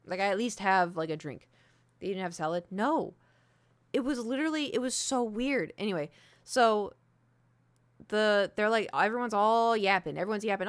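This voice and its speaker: A young woman streamer telling a rambling story to her chat, animated, with lots of "like" and acted-out quotes. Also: medium pitch, moderate pace, no echo. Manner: animated, rambling, heavy use of "like", acts out quoted speech.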